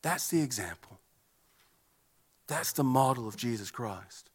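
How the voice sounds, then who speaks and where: A man's voice: medium pitch, animated, unhurried, breathy edge. A man preaching a sermon in an earnest way, often repeating words as he goes. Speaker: pastor.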